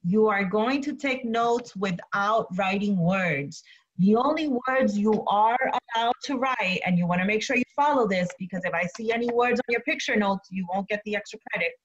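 A woman teacher giving an online English lesson, slowly repeating instructions and then reading a story aloud. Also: medium pitch, lo-fi sound. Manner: slow, deliberate, repeats instructions.

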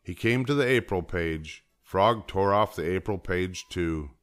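Slow, deep-voiced older male storyteller. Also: animated, faint music behind. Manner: gentle, measured storytelling. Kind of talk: children's story read-aloud.

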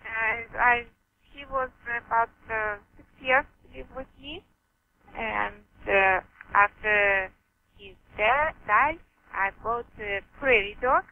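A high-pitched woman with a Russian accent speaks slowly and haltingly, often pausing to search for words and laughing between phrases. She comes through a dull, muffled lo-fi line. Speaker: author guest. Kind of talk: interview answers.

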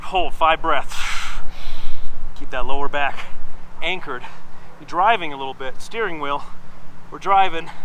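A man's voice: a little high, sharp tone, slight background noise, low-quality recording. A man from Wisconsin leading a guided workout outdoors, counting reps aloud, joking playfully and breathing hard from the exercise. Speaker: fitness instructor. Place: outdoors in the sun.

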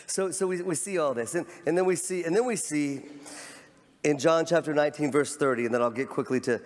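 Preacher, man, fervent and repetitive, slightly high voice, recorded in a reverberant church. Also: brisk. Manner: fervent, repeats words, rises to near shouts. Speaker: pastor. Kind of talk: sermon. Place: large church sanctuary. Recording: long church hall reverb.

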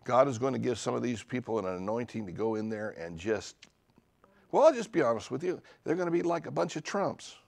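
A middle-aged male pastor preaching a charismatic sermon in church, dropping to low asides and then building to loud declarations with humorous jabs. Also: expressive, fairly quick, creaky, dry recording. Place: church sanctuary.

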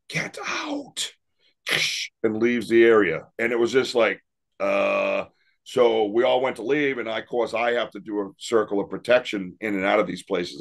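Rambling man telling ghost stories, low voice. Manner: rambling, animated, laughs often. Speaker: paranormal investigator and podcast guest. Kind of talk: casual interview storytelling.

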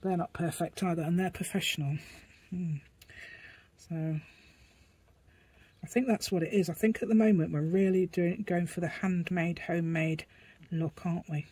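Chatty, husky woman crafting. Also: on the low side, steady tone, moderate pace, long pauses, mellow, dry recording. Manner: chatty and rambling, narrates while drawing, asides to her dog. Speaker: craft vlogger. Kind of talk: casual craft demonstration.

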